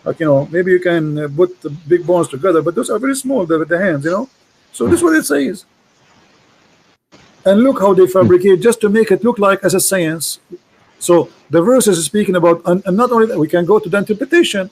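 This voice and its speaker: A man with an Arabic accent debating on a video call, mocking and forceful, speaking in quick bursts and repeating his words. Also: high-pitched, husky, poor audio. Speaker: host, debater. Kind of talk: casual debate chat.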